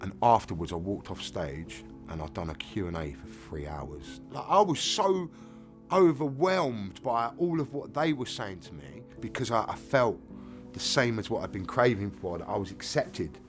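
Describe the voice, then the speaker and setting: A man's voice: lowish voice, animated, moderate pace, over music. A middle-aged man with an English accent, frankly and casually telling his own life story. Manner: plain-spoken, casual, frank. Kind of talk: candid first-person storytelling.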